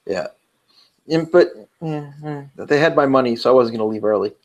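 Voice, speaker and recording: Speaking at a moderate pace in a mid-range voice, a man with a New York accent co-hosts a podcast. The casual round-table talk finds him chatty and rambling, frequently interrupting himself and starting sentences again.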